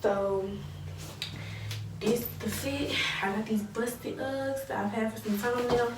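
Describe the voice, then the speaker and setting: Young woman vlogger, slangy and chatty, a touch high, phone at arm's length, street noise behind. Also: slow pace. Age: young adult. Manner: chatty, slangy, talks straight to viewers. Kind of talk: casual vlog to camera. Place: outdoors on city streets and in a car. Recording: noisy street recording with traffic.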